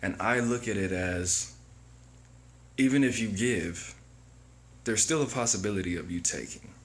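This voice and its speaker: A man giving a slow, reflective motivational monologue that circles back on its own phrases. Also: on the low side. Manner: slow, deliberate, repeats phrases. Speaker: motivational speaker.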